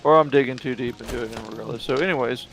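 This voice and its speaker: A man's voice: medium pitch, rapid-fire, vocal fry, a bit bright, slight background noise. A young man streaming a game, chatting casually in a rambling way with many fillers and restarts.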